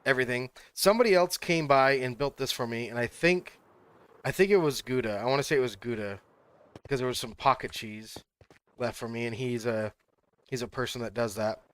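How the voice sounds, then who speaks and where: A man hosting a game stream, chatty and quick to laugh, giving a tour of his build. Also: mid-range voice, clear, resonant tone. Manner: chatty, laughs often, gives tours. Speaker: streamer host. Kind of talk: casual gaming chat.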